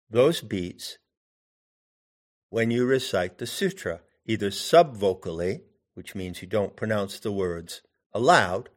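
Slow, deliberate male teacher. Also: fairly low pitch, a little mellow. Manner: deliberate, poses questions to the listener. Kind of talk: meditative teaching talk.

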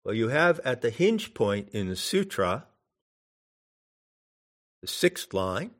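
A man giving a spoken meditation teaching in a deliberate, musing way, with long pauses between phrases. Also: medium pitch, very animated. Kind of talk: spoken dharma instruction.

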